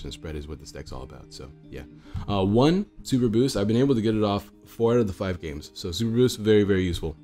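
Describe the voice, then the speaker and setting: A young man with a hoarse, groggy voice, chatting casually while commentating a card game he is playing. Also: low voice, darkish tone. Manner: chatty, thinks aloud with fillers.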